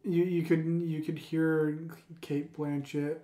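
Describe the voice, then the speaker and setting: A woman's voice: sits low, flat delivery, slow pace, mellow. A woman co-hosting a podcast in casual chat, playful and prone to silly impressions. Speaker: podcast co-host. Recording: echoey room.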